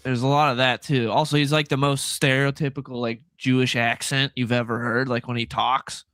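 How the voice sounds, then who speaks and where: A man's voice: medium pitch, little pitch movement, fairly quick, fairly bright tone, clean tone, no echo. A man on a live comics panel giving blunt, scornful opinions in casual chat, full of "like" fillers.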